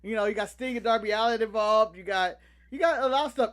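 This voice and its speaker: A man's voice: sits high, quick pace, a bit bright. A young American man with an American accent, co-hosting a casual chat show, joking and bursting into laughs. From United States. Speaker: podcast co-host.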